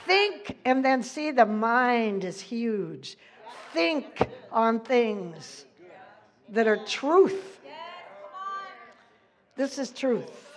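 Slow, high-voiced woman preaching. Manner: chatty, laughing often, losing her place in the text. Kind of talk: informal sermon.

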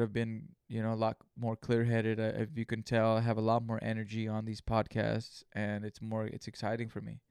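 A man talks through a solo podcast episode, drifting from story to story and swearing freely. His mid-pitched voice is smooth and resonant. The sound is dry and close to the mic. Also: no room sound. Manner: rambling storytelling, heavy swearing. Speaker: podcast host. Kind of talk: casual solo podcast monologue.

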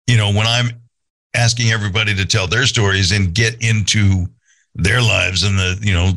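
A podcast host in his sixties talks through his own past in an earnest, reflective way. His voice sits a little low but rings bright and forceful. He thinks aloud and keeps circling back to the point. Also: poor audio. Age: 60s. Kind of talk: reflective casual storytelling.

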